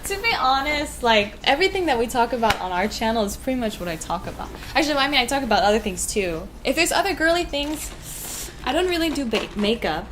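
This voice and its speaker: A woman's voice: on the high side, expressive, fast talker, noisy background. A young woman co-hosting a casual livestream, chatting and reading viewer comments aloud. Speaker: livestream co-host.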